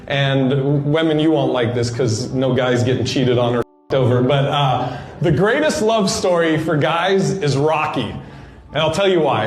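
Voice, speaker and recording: Joking man in an echoey room. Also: a little high. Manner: mocking, acts out voices. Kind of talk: comedic storytelling.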